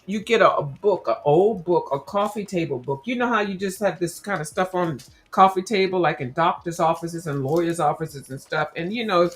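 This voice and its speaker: A woman hosting a casual crafting livestream, chatting in a rambling, slangy way and talking straight to her viewers. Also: lowish voice. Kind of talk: casual chat while crafting.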